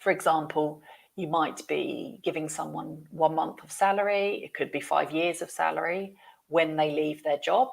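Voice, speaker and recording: A woman's voice: low voice, steady tone, normal speed, vocal fry. A woman teaching business English, explaining phrases patiently.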